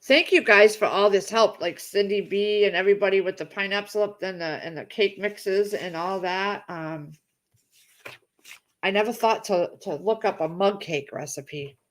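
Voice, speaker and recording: A woman's voice: medium pitch, moderate pace. A middle-aged woman chatting casually on a livestream, reading out viewer comments and gushing over them. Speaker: livestream host.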